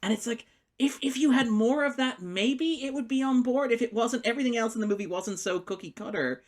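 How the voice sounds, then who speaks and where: A man co-hosting a film podcast, chatting casually and animatedly, laughing often and acting out quoted lines as quick asides. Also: very high-pitched. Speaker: podcast co-host, film critic.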